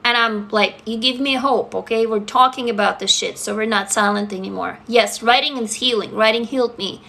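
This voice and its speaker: A woman's voice: on the high side, moderate pace, creaky, bright, forceful tone. A woman from Russia, chatting candidly on a live stream as an author, blunt, swearing freely and laughing through heavy topics. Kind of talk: casual live-stream chat answering comments.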